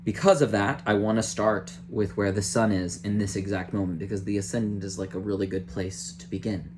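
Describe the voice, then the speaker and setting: A man's voice: fairly low pitch, steady tone, a little fast, a little mellow, slight background noise. A young man, an astrologer, chatting casually on a live stream, rambling and joking to himself as he reads a chart. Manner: rambling, self-talking, jokey.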